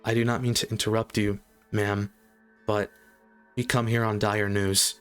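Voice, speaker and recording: A man's voice: on the low side, flat delivery, measured pace, a bit bright, clear, resonant tone, dry recording, soft background music. A man voicing a formal, courteous adventurer. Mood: earnest.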